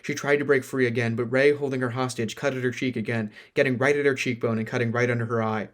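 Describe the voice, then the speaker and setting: A man reading a fantasy novel aloud at a slow, even storytelling pace. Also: mid-range voice. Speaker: narrator.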